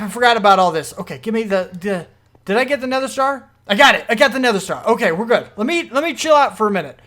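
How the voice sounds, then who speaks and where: A gaming video host with a high-pitched voice talks quickly as he commentates on his own play. He rambles through explanations and erupts into panicky, excitable outbursts.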